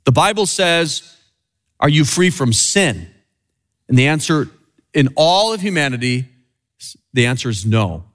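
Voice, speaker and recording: A man preaching a sermon in an earnest way, rising and falling in pitch and slowing down on key phrases. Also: very animated. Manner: earnest, swinging high and low for emphasis, slowing on key phrases.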